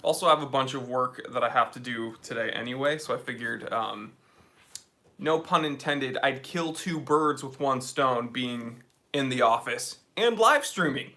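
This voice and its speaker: A man's voice: medium pitch, normal speed, pushed and bright. A young man from New England, hosting a casual livestream from his office and reading viewer comments aloud in an upbeat way. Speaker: livestream host.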